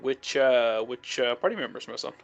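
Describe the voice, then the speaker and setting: A man's voice: medium pitch, normal speed, creaky, soft background music. A man narrating as game master of a tabletop game, loose and chatty.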